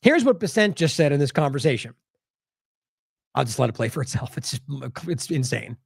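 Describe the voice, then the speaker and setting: A man's voice: medium pitch, very animated, brisk, creaky, breathy edge, dry recording, studio quality. A man hosting an independent news show, commenting on clips in a casual, exasperated and sarcastic way with scoffing laughs.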